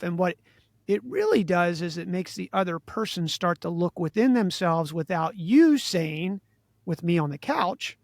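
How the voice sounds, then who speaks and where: Brief: male interview host, gravelly, dry close sound, musing and halting delivery. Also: high voice, animated, no room sound. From Maryland. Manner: musing, halting, many restarts. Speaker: podcast host. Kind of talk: casual interview chat.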